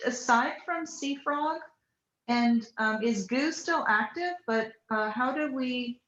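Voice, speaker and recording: A woman's voice: fairly high pitch, slow, fairly bright tone. A woman moderating a panel on a video call, speaking hesitantly and making small jokes. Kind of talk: casual online panel chat. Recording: dull echoey room audio.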